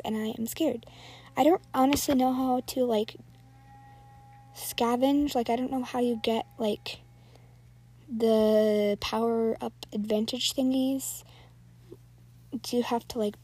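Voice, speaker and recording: A woman's voice: sits high, mellow, slightly rough. A woman giving live, rambling commentary while playing an online game, nervously narrating every move aloud.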